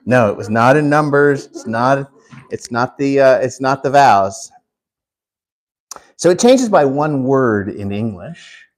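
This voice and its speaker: Slow-talking man teaching a Bible class. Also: medium pitch, animated. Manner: unhurried, questioning the class. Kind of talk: interactive Bible class lesson.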